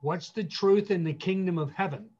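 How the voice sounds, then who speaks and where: High-voiced man pastoring earnestly. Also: mellow, husky, dull audio. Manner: repetitive, emphatic, slows down to stress key phrases. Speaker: guest pastor. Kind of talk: earnest pastoral counsel on a podcast.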